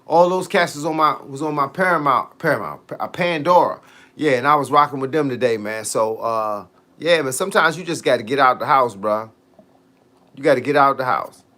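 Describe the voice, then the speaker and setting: Brief: middle-aged man, relaxed slangy livestream host, mid pitch. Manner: laid-back slangy talk, drawn-out tangents. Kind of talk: casual livestream chat answering viewer comments.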